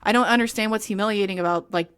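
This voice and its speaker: Young woman, book reviewer, reads aloud with sarcastic asides, medium pitch. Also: rapid-fire, a bit bright, clean tone. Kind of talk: reading aloud with commentary.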